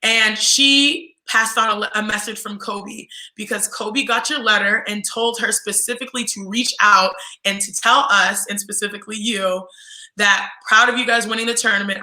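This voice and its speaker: Woman, 20s, podcast guest. Lively storyteller who mimics others' voices; very bright tone, roomy sound. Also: mid-range voice, normal speed. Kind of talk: casual storytelling.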